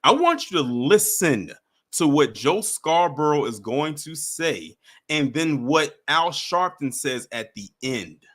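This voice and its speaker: A man hosting a livestream, giving animated, mocking reaction commentary and chatting with his viewers. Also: on the high side, slow. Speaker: livestream host.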